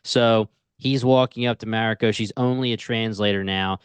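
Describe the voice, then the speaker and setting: A man co-hosting a casual TV review podcast, retelling scenes in an animated, slangy way. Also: fairly low pitch, normal speed, smooth, no room sound. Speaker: podcast co-host.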